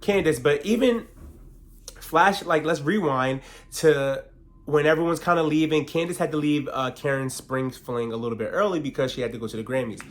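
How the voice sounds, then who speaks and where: A man recapping a reality TV episode in casual, slangy talk, animated and quick to act out what the cast members said. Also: fairly high pitch.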